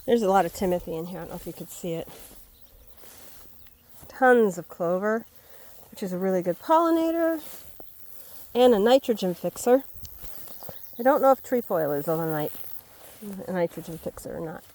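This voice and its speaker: A woman talks casually into her phone as she walks a rural field, musing aloud. Her voice is mid-pitched and loose. Dogs and open-air farm sounds sit behind her. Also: sing-song, moderate pace, long pauses, darkish tone. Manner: chatty, thinking aloud, calls sharply to her dogs. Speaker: homesteading vlogger. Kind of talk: casual walking vlog. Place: outdoors in a wet rural hay field. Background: dogs and rural outdoor sounds.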